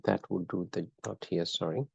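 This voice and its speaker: A man's voice: sits low, moderate pace, gravelly, slightly rough, no echo, dull audio. A man teaching a live online class, chatting with students and quizzing them by name in an encouraging way. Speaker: lecturer.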